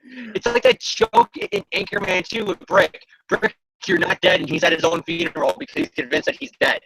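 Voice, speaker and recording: A man co-hosts a casual podcast in a high, very lively voice. His tone is bright but gravelly and husky. He jokes constantly and laughs easily. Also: rough recording. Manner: joking, animated, quick to laugh. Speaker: podcast co-host.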